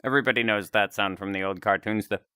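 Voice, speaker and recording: A man's voice: on the low side, fairly even intonation, quick pace, pushed and bright, clear, resonant tone, no echo, studio quality. A man chatting casually on a live stream, rambling and chuckling between remarks.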